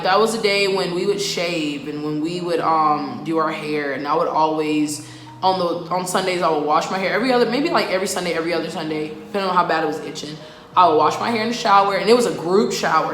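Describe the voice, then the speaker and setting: A woman's voice: fairly low pitch, fairly bright tone, a little hiss or hum. A young adult woman chatting casually in a vlog, full of "like" and "um". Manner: chatty, loose, lots of "like" and "um". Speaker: vlogger. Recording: echoey room with background music.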